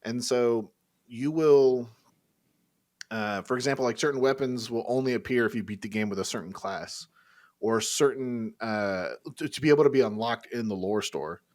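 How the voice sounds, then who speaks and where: A man co-hosting a gaming podcast, chatting casually and excitedly with swearing and filler words. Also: medium pitch, normal speed. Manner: animated, swearing, "like" and "dude" fillers. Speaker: podcast co-host. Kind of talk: casual chat.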